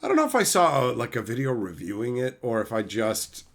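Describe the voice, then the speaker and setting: A man's voice: mid-range voice, big pitch swings, a little fast, fairly bright tone. A man casually reading live chat on a stream and teasing his chatters in a playful, mock-insulting way.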